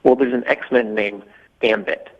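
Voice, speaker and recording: A man's voice: mid-range voice, fairly even intonation, a little slow, vocal fry. A man calling into a radio show, talking hesitantly and earnestly with lots of fillers. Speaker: caller. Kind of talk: telling a dating story on air. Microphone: phone. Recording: dull phone line.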